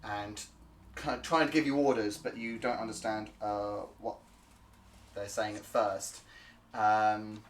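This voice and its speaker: A man narrating as game master of a tabletop game, halting and full of filler words. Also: lowish voice, level tone, slight background noise. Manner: halting, full of ums and uhs.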